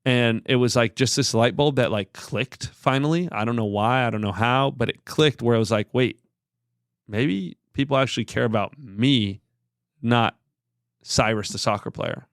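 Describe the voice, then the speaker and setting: A man in his thirties, guesting on a podcast, tells a personal story in a candid, earnest, rambling way full of filler words. His mid-range voice moves at a moderate pace, recorded cleanly in a studio with no room sound.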